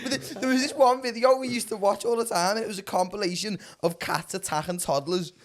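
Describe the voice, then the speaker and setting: A man, co-hosting a podcast in casual chat, telling animated stories, laughing often and swearing freely. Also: high voice, fast talker. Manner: animated, laughing storyteller who swears a lot. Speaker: podcast co-host.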